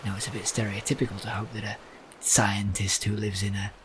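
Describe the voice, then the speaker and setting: A man playing his character in a tabletop game, measured and wry. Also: lowish voice, flat delivery, background noise. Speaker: player. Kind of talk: in-character tabletop role-play.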